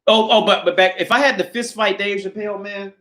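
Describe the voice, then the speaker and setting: This livestream host narrates a story from his small apartment, laughing and cursing along the way, with a hand-held phone or camera capturing it. His high voice is pushed and bright, fairly even in intonation, and brisk.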